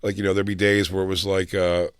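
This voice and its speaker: A man's voice: low-pitched, flat delivery, quick pace, smooth, no echo, studio quality. A man co-hosting a podcast, chatting casually and telling profane, rambling stories from school. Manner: rambling, profane, acts out quoted voices. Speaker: podcast co-host. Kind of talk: casual storytelling chat.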